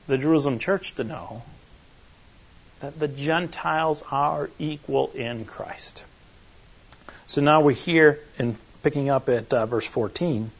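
Male preacher, high-pitched and lively, emphatic teaching style, on a muffled lo-fi recording. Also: breathy edge. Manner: animated, emphatic, checks in with the audience. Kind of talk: conversational sermon teaching.

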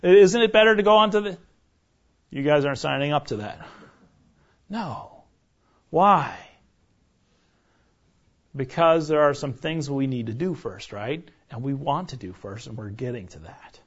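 Chatty man preaching, slightly high voice. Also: animated, unhurried, pauses often. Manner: chatty, keeps asking the room "right?". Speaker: pastor teaching a Bible study. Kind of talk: conversational sermon. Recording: dull lo-fi recording.

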